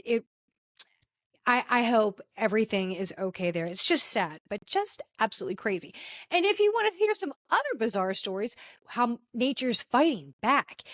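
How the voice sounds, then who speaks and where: A woman hosts a casual podcast and tells stories in an animated way, exclaiming often. Her voice is high. The sound is dry and close, with no room echo. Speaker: podcast host.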